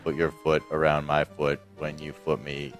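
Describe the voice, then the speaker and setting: A man on a casual podcast, reading listener messages in a deadpan voice and often breaking into laughter. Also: extremely low pitch, normal speed, soft background music.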